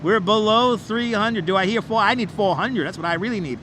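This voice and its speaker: A male livestream host leads a walking tour on a city bridge, cheering viewers in a playful, repetitive auctioneer patter about like counts. His high-pitched voice moves briskly. Heavy background noise surrounds the outdoor recording from his wireless clip-on mic.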